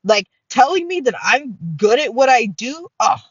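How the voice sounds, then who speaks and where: A middle-aged woman hosting a casual solo podcast, excitable and full of fillers and swearing. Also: high-pitched, normal speed, breathy edge, no echo, highs cut off. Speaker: podcast host.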